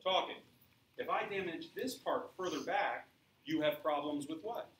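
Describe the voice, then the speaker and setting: A man's voice: a little high, animated, normal speed, a bit bright. A man teaching science to a class, explaining with examples and asking students questions. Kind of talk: classroom lecture. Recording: echoey classroom from far off.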